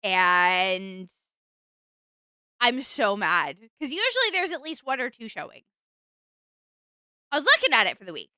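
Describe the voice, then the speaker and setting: A young woman streamer chatting casually with her viewers, rambling and animated. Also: medium pitch, measured pace, pauses often, clean tone, no room sound. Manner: chatty, rambling, animated, with fillers and bursts of exasperation.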